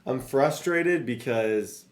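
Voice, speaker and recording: A man's voice: medium pitch, slow pace, slight background noise. Frustrated young man talking over gameplay. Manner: frustrated, rambling, talks straight to viewers. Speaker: gaming YouTuber. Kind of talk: casual gameplay commentary.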